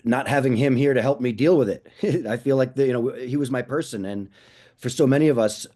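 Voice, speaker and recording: A man on a video call, speaking as a panelist about his own experience, in a halting way with many restarts and a joking edge. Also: medium pitch, warm tone. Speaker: panelist, podcaster. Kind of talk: personal reflection.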